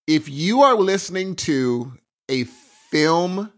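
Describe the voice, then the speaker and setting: A man's voice: on the high side, expressive, takes it slowly, a bit bright. A man co-hosting a podcast in casual banter, stubborn and giggly, often trailing off mid-sentence. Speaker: podcast co-host.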